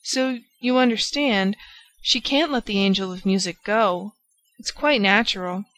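A woman's voice: medium pitch, measured pace, fairly bright tone, natural voice. A woman voicing a cheerful, affectionate old lady in an audiobook, speaking gaily and fondly. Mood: confiding. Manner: gay, affectionate, chiding. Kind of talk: audiobook character voice.

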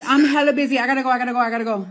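A man's voice: very high-pitched, fairly even intonation, rapid-fire, fairly bright tone, faint music behind. A man playing a brash, crude young woman from California who swears, laughs and drawls slang in a comedy sketch.

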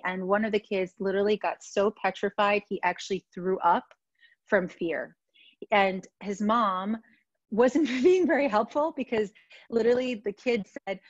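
A woman's voice: mid-range voice, dry recording. A woman from New York, a stress coach, casually and frankly teaching self-soothing techniques over a video call. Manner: casual, frank, demonstrates moves while talking. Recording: dry, slightly dull sound.

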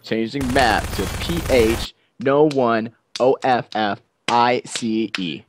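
A young man chatting casually while playing an online game with friends, excitable and jokey, laughing often. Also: mid-range voice, slow, background noise. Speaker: gamer. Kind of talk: casual gaming chat.

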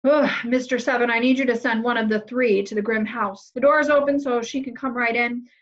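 Storybook prince, read by a woman: cold, commanding, impatient; a bit higher voice, slightly muffled recording. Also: fairly quick, natural voice. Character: arrogant, impatient fairy-tale prince, grown man.

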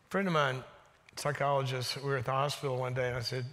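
A man giving a sermon, telling stories in an animated way and dropping to a hushed voice when quoting people. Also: medium pitch, fast. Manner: animated storyteller, drops to a hushed voice for quotes. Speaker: guest speaker. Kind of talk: sermon with storytelling. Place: church sanctuary. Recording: reverberant church hall.

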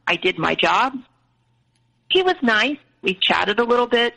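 A woman's voice: a little high, big pitch swings, unhurried, creaky, bright, forceful tone, rough recording. A young woman candidly recounting a painful family story, quoting others in her own voice. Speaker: guest telling her story. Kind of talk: personal storytelling.

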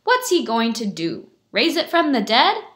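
A grumpy storybook tailor who scoffs and needles with sarcasm, played by a woman reading aloud. His voice is sharp, bright and lively in pitch. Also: unhurried, full character voice. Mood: scoffing.

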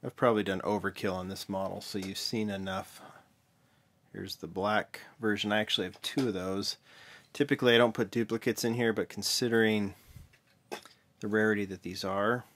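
Casting note: male vlog host, lowish voice, relaxed mumbly delivery, stops to correct himself. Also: moderate pace, slight background noise. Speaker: vlog host, toy car collector. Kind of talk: casual show-and-tell vlog.

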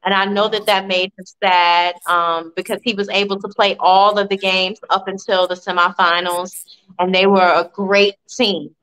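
Woman in her forties, from Virginia, podcast guest, bright tone, lively family anecdotes. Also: mid-range voice, normal speed, clear, resonant tone, poor audio. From Virginia, USA. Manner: animated, warm storytelling with laughs. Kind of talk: casual interview storytelling.

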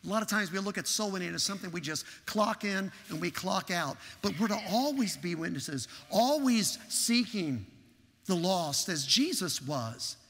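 A man's voice: sits high, lively intonation, moderate pace, fairly bright tone. A man preaching a sermon in church, telling a story and acting out its dialogue with animation. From Texas. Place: large church sanctuary. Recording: long hall reverb.

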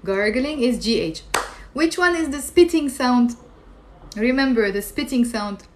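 A woman with a fairly high voice teaches a live-streamed language lesson. She keeps quizzing her viewers and answering their comments in a chatty way. Faint noise sits behind her voice. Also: animated, measured pace. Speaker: Arabic teacher.

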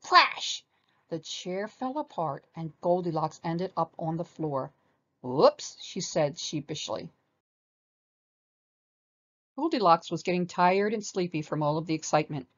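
A woman reading a children's story aloud with animated expression. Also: lowish voice, normal speed, highs cut off.

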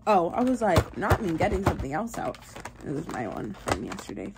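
Lively, chatty young woman vlogging. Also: on the low side, fairly quick, background noise. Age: young adult. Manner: chatty and playful, talking to the camera. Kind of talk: casual vlog chat.

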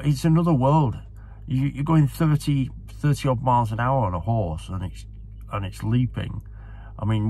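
A man's voice: on the low side, a little mellow, a little hiss or hum. A man talking casually to camera, enthusiastic and rambling, often repeating himself as a horse racing tipster.

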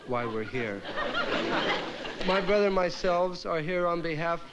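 An actor playing a stage performer who introduces his act in a rambling, halting way, correcting himself as he goes. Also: fairly high pitch, lively intonation, a bit bright, dull audio. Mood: bumbling. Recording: noisy old TV soundtrack with crowd.

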